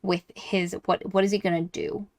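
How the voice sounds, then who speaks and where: A woman co-hosting a casual book podcast, retelling a plot with lively acted-out quotes. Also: on the low side, normal speed, no echo. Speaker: podcast co-host.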